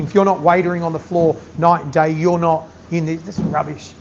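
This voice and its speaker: At an event venue before an audience, a chef giving a masterclass speaks candidly, bluntly and animatedly, swearing freely. His fairly high voice moves fairly quickly with hardly any pauses, and the recording sounds slightly dull with faint noise.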